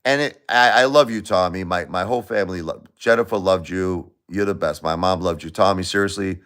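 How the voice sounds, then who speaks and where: A man hosting a casual livestream, talking emphatically and repeating himself, swinging between loud and quiet. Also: low voice, fairly quick, clear, resonant tone. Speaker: livestream host.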